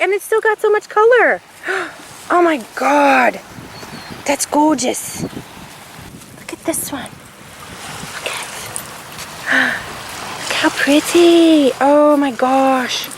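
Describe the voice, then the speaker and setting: A woman vlogging outdoors on a beach with a handheld camera, gushing and gasping with excitement as she talks. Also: sits high, slow pace, pauses often, low-quality recording. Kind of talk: casual vlog narration. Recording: loud wind noise outdoors. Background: wind and water.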